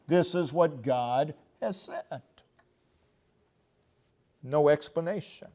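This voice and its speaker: High-pitched guy preaching in church, real slow, hammering each point hard. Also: lively intonation, a little mellow. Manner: emphatic, slow and deliberate preaching with rising, pleading outbursts. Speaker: pastor. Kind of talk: sermon.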